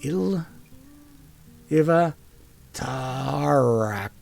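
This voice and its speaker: A man's voice: mid-range voice, expressive, very slow, vocal fry, a little mellow, voice pushed up, heavily acted. A man voicing an eager young woman who carefully sounds out unfamiliar words, syllable by syllable. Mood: careful, earnest.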